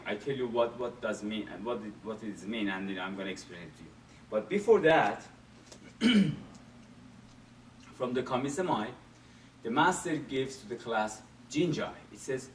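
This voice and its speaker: A man teaching a martial arts class, explaining step by step in a halting way and repeating phrases while he demonstrates. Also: medium pitch, animated. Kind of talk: demonstration lesson. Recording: echoey room from far off, faint hiss.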